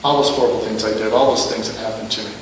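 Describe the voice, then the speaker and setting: Male minister, sermon, self-mocking, rhetorical questions, booming echo, distant mic. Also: fairly even intonation, very fast, a little hiss or hum. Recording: echoey hall, mic at a distance.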